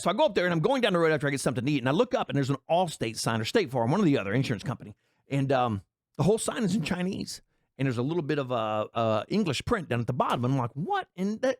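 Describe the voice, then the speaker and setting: A man's voice: on the high side, no echo, studio quality. An American man ranting angrily in profane commentary, rambling through a story and a political complaint. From United States. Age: adult.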